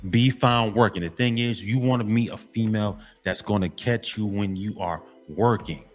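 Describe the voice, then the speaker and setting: A man giving a preachy, emphatic monologue to men, repeating himself and addressing them again and again. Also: on the low side. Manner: emphatic, repetitive, keeps saying gentlemen. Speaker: motivational vlogger.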